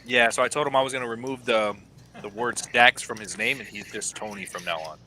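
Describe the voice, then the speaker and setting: Guy calling poker hands live, bright clear voice, calm and analytical. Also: medium pitch, slight background noise. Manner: measured, analytical play-by-play. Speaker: poker commentator.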